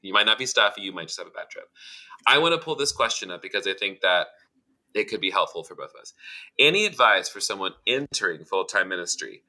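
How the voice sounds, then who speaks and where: A man's voice: lowish voice, sing-song, fast, bright, forceful tone. A man co-hosting a casual chat, blunt and emphatic, swearing freely.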